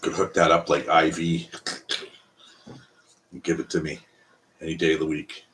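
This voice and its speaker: A man's voice: rumbling low, little pitch movement, moderate pace, fairly bright tone, slight background noise. A Canadian man hosting a casual live stream, talking bluntly and profanely in a rambling way.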